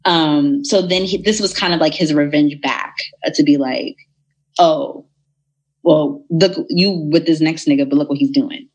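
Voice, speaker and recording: A young woman telling a personal story in a casual, animated way, acting out the people in it. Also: low voice, moderate pace. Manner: animated, retells dialogue in voices.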